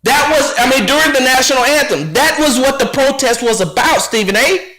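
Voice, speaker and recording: A man's voice: very high-pitched, lively intonation, brisk, sharp tone, reverberant, rough recording. A male radio host giving an impassioned commentary, fiery and rhetorical, repeating phrases for emphasis. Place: radio studio.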